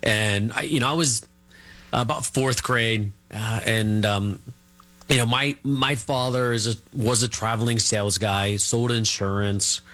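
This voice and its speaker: Rambling middle-aged man, low voice. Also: fairly even intonation, fairly bright tone. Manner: rambling, halting, full of fillers and restarts. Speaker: interview guest. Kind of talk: casual storytelling interview.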